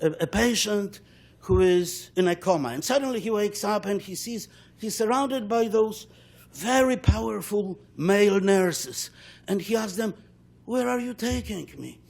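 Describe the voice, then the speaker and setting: A man, a law professor on a panel, giving an academic talk in a measured way, often repeating words as he searches for phrasing. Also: sits high, gravelly, a little mellow.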